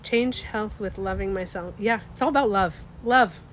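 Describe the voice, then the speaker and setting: A woman with a slightly stuffy nose, chatting casually on a livestream. She talks in an animated, emphatic way, swears freely and speaks to her viewers. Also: mid-range voice, normal speed, a little hiss or hum. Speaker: livestreamer and beauty coach.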